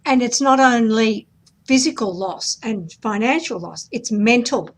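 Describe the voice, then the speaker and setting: A woman's voice: a little high, unhurried, noisy background. A woman hosting an interview, supportive and often agreeing with her guest. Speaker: host. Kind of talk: interview conversation.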